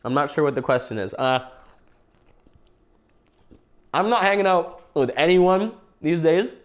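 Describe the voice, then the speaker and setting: A man's voice: a little high, animated, measured pace. Canadian dude chatting on his podcast stream, rambly and jokey, mouth full half the time. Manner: rambling, joking, eating while talking. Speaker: podcast host. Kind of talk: casual livestream chat.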